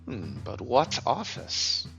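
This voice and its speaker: A man's voice: medium pitch, huge pitch swings, takes it slowly, creaky, a bit bright, heavily acted. A man voicing a nervous new male office worker who talks in a hesitant, unsure way. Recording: slightly muffled, music faint.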